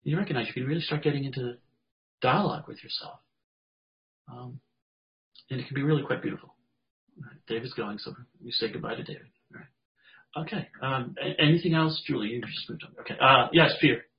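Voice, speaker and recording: A man leading a group meditation session over a video call, talking in a gentle, chatty way and acting out inner voices. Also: mid-range voice, fairly quick, pauses often. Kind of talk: casual group guidance. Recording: dull lo-fi video call audio.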